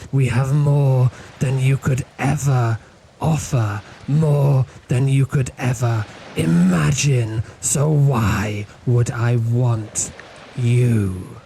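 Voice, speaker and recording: A mad old cultist mother, as a man puts her on in a tabletop horror game. She speaks slowly and coldly, in a gravelly voice. A steady hiss runs behind the recording. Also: mid-range voice. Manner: slow, cold, mocking.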